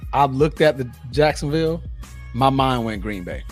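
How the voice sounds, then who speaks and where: Excitable American man talking football. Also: medium pitch, moderate pace, faint music behind. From United States. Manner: excitable, laughs a lot, fan banter. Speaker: podcast co-host. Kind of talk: casual sports podcast chat.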